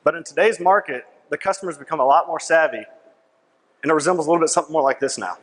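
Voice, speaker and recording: A man's voice: fairly high pitch, very fast, a bit bright. A young man giving a persuasive sales presentation at a conference, punchy and repetitive, often asking "right?" to the crowd. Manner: punchy, repeats key lines. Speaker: conference speaker. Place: large conference hall. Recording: long reverb of a big hall.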